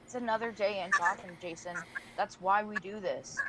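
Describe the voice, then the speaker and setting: A woman voicing a firm, caring young female vigilante in a live fan audio drama read, teasing at times and softly concerned. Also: medium pitch, fairly even intonation, normal speed, heavy background noise, natural voice. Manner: teasing then soft and concerned.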